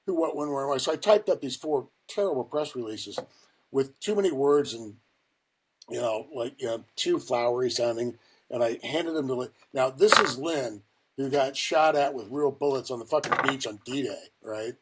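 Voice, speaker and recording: An older man from Ohio, a guest telling a long personal story in a rambling, profane way with lots of fillers and a husky voice. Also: mid-range voice, moderate pace, background noise. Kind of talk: casual storytelling.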